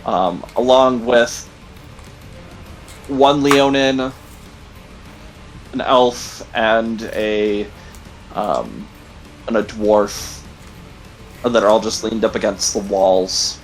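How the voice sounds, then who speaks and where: A man narrating a tabletop game as game master, halting often with ums and restarts. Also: on the low side, faint music behind, poor audio. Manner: halting, many ums and likes.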